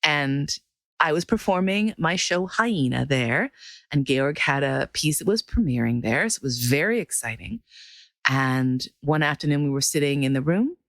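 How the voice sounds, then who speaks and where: A woman's voice: moderate pace, no echo, studio quality. A woman telling a personal story in a casual monologue, acting out the people she quotes and swearing now and then. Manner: animated, swears freely, acts out quoted voices with big pitch jumps. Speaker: podcast host telling a story.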